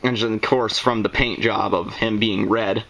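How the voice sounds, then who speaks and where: A man's voice: on the low side, steady tone, unhurried, creaky, fairly bright tone, slight background noise, rough recording. A young man hosting a casual video, rambling through his review with lots of fillers and restarts. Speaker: video host. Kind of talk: casual toy show-and-tell review.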